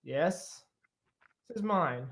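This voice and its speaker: A man voicing an ancient male dragon guarding a treasure hoard, speaking slowly and calmly. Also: a little high, gravelly, exaggerated voice. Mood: calm, commanding.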